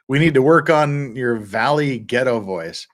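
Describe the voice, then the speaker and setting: A man's voice: medium pitch, lively intonation, unhurried. A middle-aged man hosting a live stream, chatting casually, reading out viewer comments and laughing often. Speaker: livestream host.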